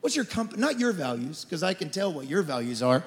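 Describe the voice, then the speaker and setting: A man in his forties preaching a sermon as lead pastor, passionate, swinging from shouted declarations to quiet storytelling. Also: a little high, big pitch swings, fairly quick. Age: 40s. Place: church auditorium. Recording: church hall reverb.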